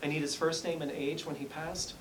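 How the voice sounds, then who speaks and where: A man's voice: on the high side, level tone, brisk, recorded from a distance, noisy background. A man working as a psychic medium, giving a live reading in a salon and politely apologizing as he relays messages. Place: hair salon, indoors.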